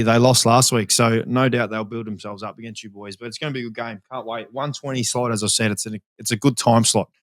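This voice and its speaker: A man with an Australian accent co-hosting a casual chat, talkative and animated, acting out little scenes. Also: medium pitch, dry recording, studio quality. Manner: chatty, animated storyteller, acts out dialogue. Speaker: podcast co-host and footballer.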